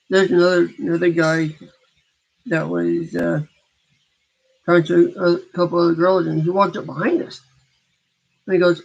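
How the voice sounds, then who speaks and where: A man with a high, gravelly voice tells a meandering story in a casual way, often backing up and restarting his sentences. The recording is muffled and lo-fi. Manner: rambling, with frequent restarts. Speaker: gamer recounting a story. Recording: dull lo-fi recording.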